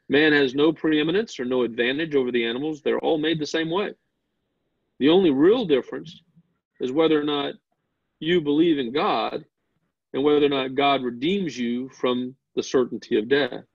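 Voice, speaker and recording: Guy teaching a bible class, gravelly voice, keeps asking the room questions, muffled dry recording. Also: mid-range voice, normal speed, no echo. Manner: explains step by step, asks the class questions; repeats words when starting sentences.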